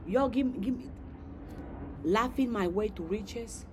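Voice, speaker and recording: A woman talks casually to her viewers in a playful, joking tone, repeating herself as she goes. Her voice sits at a middle pitch. A faint hiss stays in the background. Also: takes it slowly. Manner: playful, laughs at her own jokes, repeats words. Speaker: host. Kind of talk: casual motivational talk to viewers.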